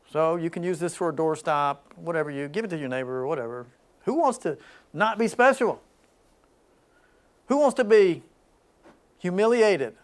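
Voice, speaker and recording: A man leading a small spiritual gathering, moving between loud emphatic lines and soft hushed ones, with frequent laughs. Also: high voice. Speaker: spiritual group leader. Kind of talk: spiritual talk to a small group.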